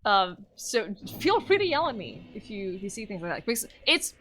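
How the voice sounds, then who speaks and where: A woman's voice: mid-range voice, sing-song, normal speed, fairly bright tone, a little hiss or hum. A woman streaming a game live, talking playfully to chat, laughing often and yelping whenever her character gets hit. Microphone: microphone in front of her face.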